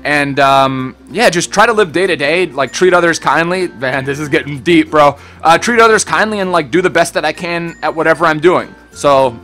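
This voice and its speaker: Here the gaming YouTuber, Swiss-born and raised in Germany and the US, sounds bright and forceful in a high-ish register. He keeps a moderate pace with hardly a pause, faint music playing behind him. It's a casual Q&A to camera, rambling and relaxed, full of swearing and "bro."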